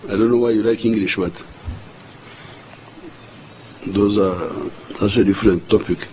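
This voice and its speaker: An older man with a Ugandan accent delivers a formal national address in an unhurried, deliberate way, circling back over words as he looks for the next one. His pace is very slow. A faint noise sits under the recording. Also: on the low side, steady tone, a little mellow, low-quality recording. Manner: slow and deliberate, repeating words while searching for them. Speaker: head of state addressing the nation.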